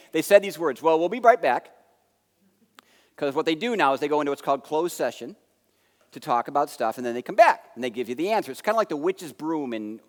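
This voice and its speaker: An American man giving a conference keynote, telling a story with lively acted-out dialogue that swings between loud and soft. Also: a little high. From United States. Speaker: keynote speaker. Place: large conference hall. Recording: long hall reverb.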